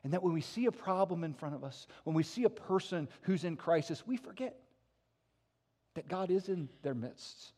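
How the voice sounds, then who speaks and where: A man preaching a sermon as pastor, acting out scenes with a raised voice and dropping low and soft for emphasis. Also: moderate pace. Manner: animated storytelling, acting out disciples with a raised voice.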